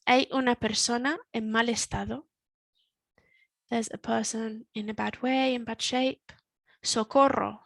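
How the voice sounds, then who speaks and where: Woman, Spanish teacher, patient and slow, fairly high voice, steady and flat in tone, dry close sound. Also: creaky, no echo. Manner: patient, explains step by step, repeats words slowly. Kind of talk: online language lesson. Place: in Spain.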